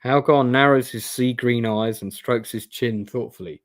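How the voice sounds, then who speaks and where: A chatty man reading a fantasy gamebook aloud on a live stream, breaking off for casual self-mocking remarks. His voice is mid-pitched and plain. The sound is dry and close, with no room echo. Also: moderate pace, few pauses. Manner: chatty, self-deprecating asides. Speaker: host playing a gamebook live. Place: indoor room.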